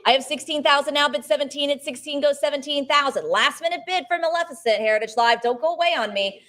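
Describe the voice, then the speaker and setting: A woman auctioneer calling bids at a live auction, chanting numbers briskly and coaxing bidders to go one more, with short remarks about the art. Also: high voice, a bit bright.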